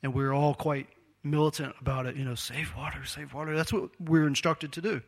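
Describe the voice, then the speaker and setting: A man's voice: on the high side, fairly even intonation, fairly quick. A man preaching a sermon in a conversational, storytelling way, acting out the quotes he tells.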